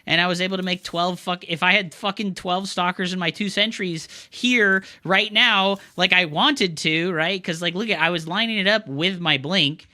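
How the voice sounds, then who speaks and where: A man's voice: sits high, moderate pace, few pauses, pushed and bright. A young man streaming live game commentary, ranting with frustration and cursing constantly in loose slangy gamer talk. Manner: frustrated ranting, heavy swearing.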